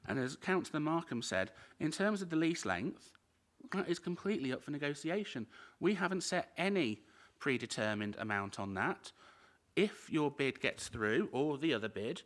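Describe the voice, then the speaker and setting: A man's voice: a little high, big pitch swings, normal speed, a bit bright. A man giving a firm, emphatic speech as a council cabinet member at a formal meeting.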